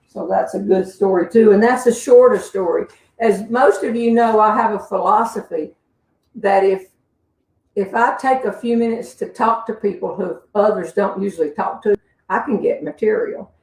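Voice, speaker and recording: A woman's voice: mid-range voice, gravelly, a little mellow, reverberant, far from the mic, poor audio. A woman with a Southern US accent telling comic stories in a folksy, chatty way, full of asides and little laughs. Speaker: humorist answering audience questions. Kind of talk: casual comic storytelling.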